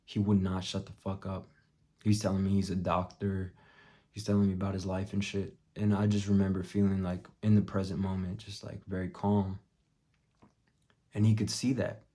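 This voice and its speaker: A young man vlogging, telling a story bluntly with plenty of swearing and dropping to a hush for his own thoughts. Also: deep voice, flat delivery, moderate pace. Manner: profane, blunt, drops to a muttered hush for quoted thoughts. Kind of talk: casual storytelling vlog.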